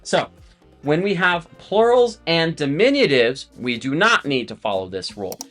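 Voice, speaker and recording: A man's voice: on the high side, sing-song, moderate pace, a bit bright, soft background music. Chatty man teaching a lesson. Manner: chatty, friendly asides, repeats words. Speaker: language teacher. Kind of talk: explaining lesson to camera.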